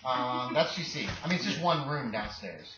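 A man narrating as game master in a casual, halting way with many fillers. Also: mid-range voice, lively intonation, music in the background. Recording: echoey, dull home recording with background noise.

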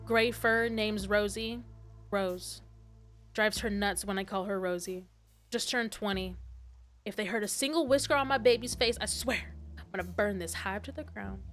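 A woman's voice: mid-range voice, normal speed, a bit bright, faint music behind, close to an everyday voice. A woman voicing a fierce, worried middle-aged mother with a Southern twang in a video game. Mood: desperate.

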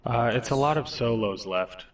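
A man's voice: mid-range voice, normal speed. Male squad player, hesitant short lines, slightly distant mic. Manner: hesitant, short remarks with fillers. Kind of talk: casual gaming voice chat.

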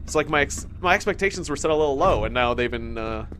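A young man giving excitable, jokey commentary while playing a shooter, talking to himself as he plays. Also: mid-range voice, quick pace, slight background noise. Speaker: gaming YouTuber. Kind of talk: let's play commentary. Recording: game gunfire loud behind voice. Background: game gunfire and explosions.

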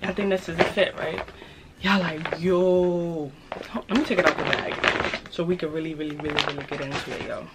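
A young woman with a New York accent and a slightly raspy voice, hosting a casual haul video and hyping her purchases to viewers in a playful way. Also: deep voice, fairly even intonation, a little fast, heavy background noise. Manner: playful, hyped, repeats phrases, talks straight to viewers. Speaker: fashion vlogger.

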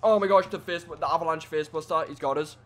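A man giving excitable let's play commentary, trash-talking his opponent and swinging between quiet mutters and sudden yells. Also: a little high, quick pace. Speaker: gaming commentator.

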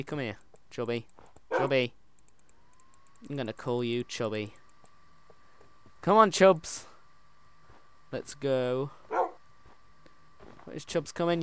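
A man giving casual, excitable commentary while playing a game, chatting to his in-game pet wolf. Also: mid-range voice, takes it slowly, long pauses. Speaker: gaming channel host. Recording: loud background noise.

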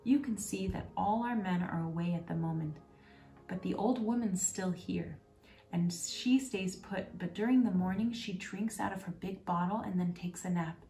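A woman's voice: fairly low pitch, moderate pace, warm tone, lightly acted. A woman voicing a blunt, bossy robber girl. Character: fierce, bossy young robber girl with a knife. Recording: roomy, distant, faint music.

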